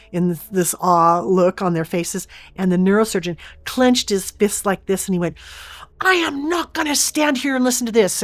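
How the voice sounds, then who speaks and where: A woman's voice: fairly low pitch, dry recording. A woman guest in an interview, earnestly and vividly retelling a personal experience.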